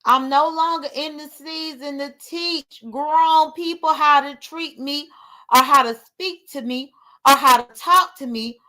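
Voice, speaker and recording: A woman's voice: sits high, steady tone, measured pace, sharp tone. A woman, talking candidly and emotionally to her livestream viewers in a rambling way. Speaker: livestream host. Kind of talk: casual livestream talk.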